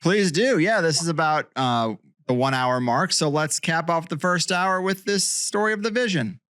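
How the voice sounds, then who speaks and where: A man's voice: fairly high pitch, animated, normal speed, a bit bright, no room sound. Male podcast host, probing, thinks aloud, dry close-miked sound. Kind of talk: conversational podcast interview.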